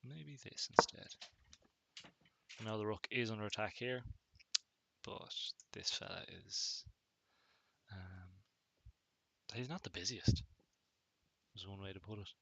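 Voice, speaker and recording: A man casually commentating on his own chess game, thinking aloud in a relaxed, musing way. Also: on the low side, takes it slowly, gravelly, pauses often, a little hiss or hum. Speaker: chess streamer.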